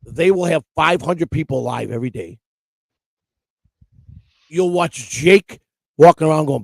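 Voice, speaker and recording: A man's voice: on the high side, lively intonation, a little slow, vocal fry, pauses often, no echo, low-quality recording. A man co-hosting a casual live-stream chat, stammering and repeating himself as he teases his co-host.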